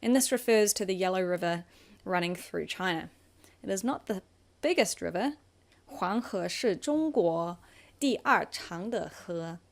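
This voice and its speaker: A woman's voice: lowish voice, normal speed, gravelly. A woman teaching a vocabulary lesson, patiently explaining each word and modelling the tones. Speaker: Chinese language teacher.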